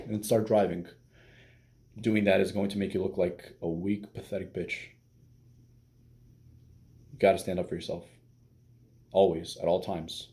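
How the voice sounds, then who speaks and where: Gravelly, dark-voiced man coaching bluntly. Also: low voice, steady tone, moderate pace, pauses often. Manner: blunt and profane, with many fillers. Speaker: dating coach. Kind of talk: casual advice monologue.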